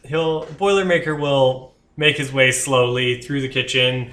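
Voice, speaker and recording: Male player, bright forceful voice, loose and amused narration. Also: mid-range voice, fairly even intonation, unhurried. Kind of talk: casual tabletop narration.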